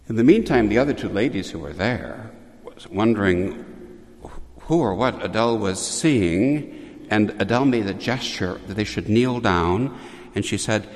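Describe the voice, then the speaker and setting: A man preaches a storytelling sermon in a slow, deliberate cadence, his voice sitting on the low side. He breaks off now and then for dry asides. A long reverb rings out behind him, like a large church. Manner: slow, measured, with wry asides.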